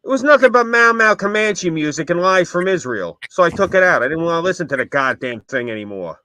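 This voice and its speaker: A man's voice: mid-range voice, expressive, fast talker, fairly bright tone, no echo, close to an everyday voice. A man putting on the voice of his stern, old-school older father, blunt and dismissive. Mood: grumbling.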